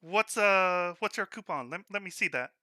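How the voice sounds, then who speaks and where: Man doing a loud boastful gnome merchant. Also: high voice, expressive, moderate pace, no echo, clean studio sound, pitched above the performer's own voice, exaggerated voice. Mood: pushy. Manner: loud boastful sales patter. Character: pushy fast-talking male gnome shopkeeper. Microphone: online voice call.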